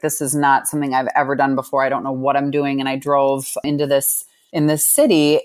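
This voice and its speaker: A woman in an interview, telling a candid personal story in a reflective, rambling way with many restarts. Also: low voice. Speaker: guest.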